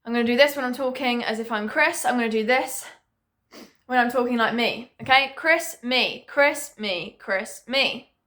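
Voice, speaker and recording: Bright, chatty young woman. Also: on the high side, normal speed. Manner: chatty and animated, swears freely, laughs often. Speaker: vlogger. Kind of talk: casual storytime monologue.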